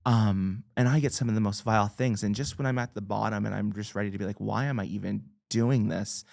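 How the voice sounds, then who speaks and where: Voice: mid-range voice, fast, vocal fry. A guest author talking casually in an interview, joking at their own expense and laughing often. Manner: animated, self-deprecating humor, laughs often. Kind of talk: conversational interview.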